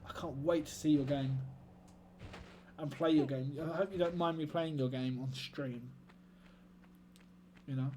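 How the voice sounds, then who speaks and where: A man's voice: fairly high pitch, fairly even intonation, measured pace, pauses often, warm tone, a little hiss or hum. A man livestreaming a game, chatting casually and joking with his chat. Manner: chatty, jokey banter with chat. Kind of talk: casual gaming stream chat.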